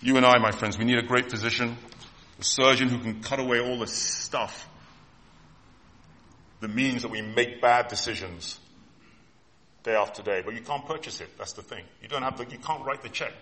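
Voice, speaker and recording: A man's voice: mid-range voice, moderate pace, long pauses, pushed and bright. A man in his fifties preaching an impassioned, emotional sermon.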